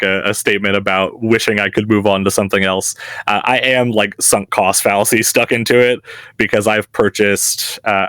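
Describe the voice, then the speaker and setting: A man's voice: fairly low pitch, fairly bright tone, clear, resonant tone, dry recording, clean studio sound. A man and game master, chatting as a guest in an interview, easygoing and chuckling at himself. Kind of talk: casual interview.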